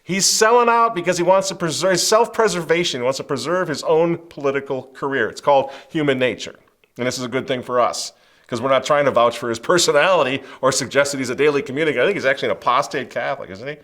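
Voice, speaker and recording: A middle-aged man hosting a commentary show, emphatic and sarcastic, swinging between loud outbursts and hushed asides, with many rhetorical questions. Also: mid-range voice, fast talker. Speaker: show host. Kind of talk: impassioned political commentary.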